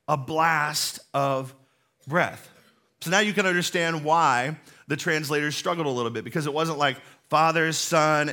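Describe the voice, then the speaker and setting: Earnest bright-voiced male pastor preaching. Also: fairly high pitch. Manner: earnest and conversational, explaining slowly with emphatic repetition. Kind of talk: sermon.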